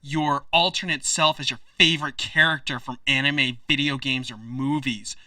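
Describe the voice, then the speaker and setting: A man's voice: medium pitch, fairly even intonation, moderate pace, bright, forceful tone, dry recording. A man voicing a fussy, self-important anime-obsessed man in a kimono, prissy and easily flustered. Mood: indignant.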